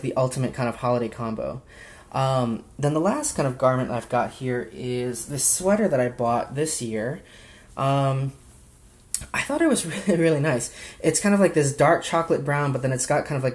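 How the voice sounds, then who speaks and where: A young man casually showing off a watch and accessories in a vlog, chatty and gushing, with many fillers. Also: medium pitch. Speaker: watch vlogger. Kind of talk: casual show-and-tell vlog.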